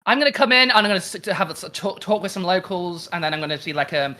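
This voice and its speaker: A man's voice: high-pitched, lively intonation, pushed and bright. A man playing in a tabletop game, playfully announcing what his character does. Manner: playful, declares actions in quick bursts. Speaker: player. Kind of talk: casual tabletop game play.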